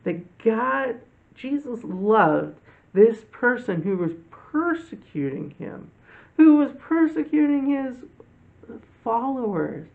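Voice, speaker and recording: A man hosting a children's church lesson, telling a Bible story slowly and gently to kids. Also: high voice, vocal fry. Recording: tinny phone-like audio.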